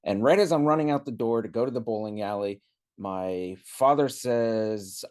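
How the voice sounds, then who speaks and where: Low-voiced man telling a halting story. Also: darkish tone. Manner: halting, many fillers, dry understated humor. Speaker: teen coach and podcast co-host. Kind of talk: casual chat, personal storytelling.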